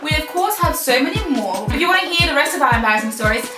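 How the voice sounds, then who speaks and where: Young female vlogger, animated storyteller, quick delivery, echoey room. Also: sits high. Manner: animated, acts out quotes. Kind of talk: casual storytelling with her twin. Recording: echoey room, mic at a distance. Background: music under the talk.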